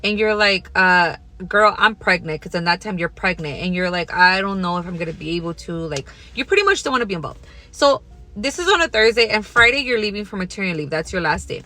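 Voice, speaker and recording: A woman's voice: medium pitch, lively intonation, fairly quick, pushed and bright. A young woman telling a casual workplace storytime in a blunt, profane, second-person way.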